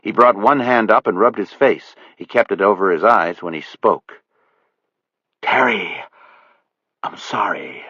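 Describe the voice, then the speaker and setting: Low-voiced male audiobook narrator. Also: moderate pace, hardly any pauses, fairly bright tone, no room sound. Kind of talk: scripted narration. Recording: dull lo-fi dry audiobook recording.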